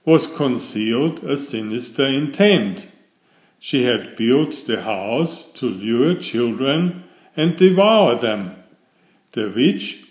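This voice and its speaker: A man reading a fairytale aloud in slow, expressive, scripted storybook narration. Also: medium pitch. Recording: echoey room.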